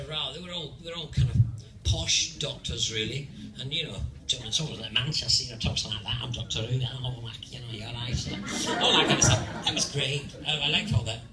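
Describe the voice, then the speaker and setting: A man's voice: on the high side, pushed and bright, far from the mic. An older man with a Scottish accent, a convention panel guest telling playful stories with laughing asides. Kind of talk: anecdotal storytelling to an audience. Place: large convention hall. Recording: echoey hall with crowd.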